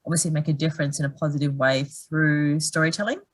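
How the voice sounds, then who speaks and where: A woman's voice: low voice, fairly even intonation, quick pace. A woman, a guest actor and producer, chatting in a bubbly way and laughing easily. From Australia. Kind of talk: casual conversation.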